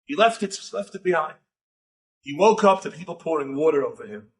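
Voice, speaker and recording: A man, a rabbi, telling a story in a lecture with animated, building drama. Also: fairly high pitch, brisk, recorded from a distance.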